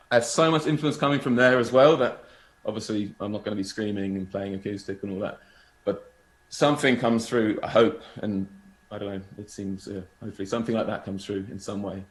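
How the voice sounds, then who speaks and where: Low-voiced Englishman chatting from home. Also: low-quality recording. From England. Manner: rambling, laughs easily. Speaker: guest musician. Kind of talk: casual chat.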